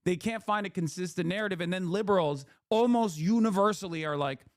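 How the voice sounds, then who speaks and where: A man's voice: high-pitched, brisk, dry recording, studio quality. A man ranting sarcastically and with profanity as a political commentator on a casual livestream. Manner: heated, profane, sarcastic rant.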